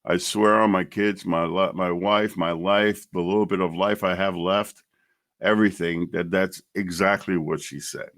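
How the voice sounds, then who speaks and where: A man's voice: sits low, fairly even intonation, normal speed, a bit bright. A middle-aged man hosting a podcast, telling his own story bluntly and emotionally, swearing freely. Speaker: podcast host. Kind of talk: personal storytelling monologue.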